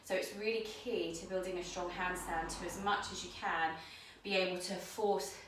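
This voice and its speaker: A woman's voice: lowish voice, moderate pace, noisy background. Breathless woman guiding yoga in an echoey room. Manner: calm, guiding cues while demonstrating. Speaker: yoga teacher. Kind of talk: instructional yoga class. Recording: very echoey room, mic at a distance.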